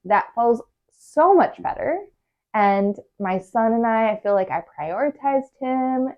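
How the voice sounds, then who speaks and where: A woman's voice: mid-range voice, lo-fi sound. A woman hosting a podcast, giving casual advice in a chatty way full of fillers and acted inner voices. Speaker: podcast host, organizing coach.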